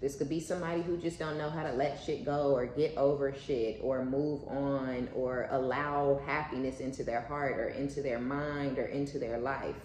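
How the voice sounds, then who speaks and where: A woman's voice: extremely low pitch, steady tone, normal speed, few pauses, a little mellow, echoey room, slight background noise, rough recording. A woman giving a casual spiritual reading, blunt and profane, piling up repeated words for emphasis. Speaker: intuitive reader.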